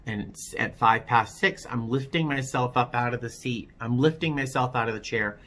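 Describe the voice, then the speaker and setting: A man with a bright, forward tone and an ordinary middle pitch tells his own story in a personal testimony vlog. He speaks candidly, with a wry edge, and often stops to restart his sentences. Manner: halting, with frequent restarts. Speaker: vlogger telling his recovery story.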